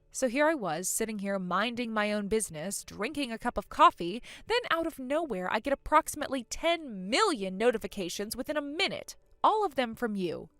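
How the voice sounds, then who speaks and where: Casting: a tired, exasperated older sister, dry delivery, bright tone. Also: female voice, a little high, no echo. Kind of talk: acted story dialogue.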